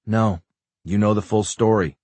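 A man's voice: lowish voice, steady tone, unhurried, a little mellow, dry recording. A man reading an audiobook, voicing a tense young male federal agent with clipped, defensive replies. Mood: flat.

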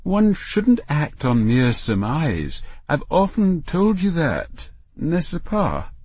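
A man's voice: on the high side, huge pitch swings, darkish tone, husky, no room sound, voice pushed up, exaggerated voice. A man doing a haughty, prim mother. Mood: patronising. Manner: prim, condescending, drawn-out. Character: bossy pretentious mother, middle-aged woman.

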